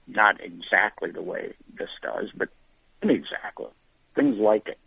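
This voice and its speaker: An older man, an author, telling a story slowly and haltingly in an interview, with a gravelly, husky voice. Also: lowish voice, no echo. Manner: slow, halting, reflective storytelling. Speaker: author and guest. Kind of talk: reflective interview conversation. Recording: phone-line quality, dry sound.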